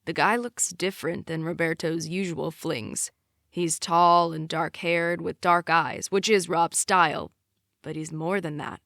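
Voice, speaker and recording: A woman narrating a romance audiobook in the first person, with steady, unhurried storytelling. Her voice is on the low side. The sound is dry and close. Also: vocal fry, no echo.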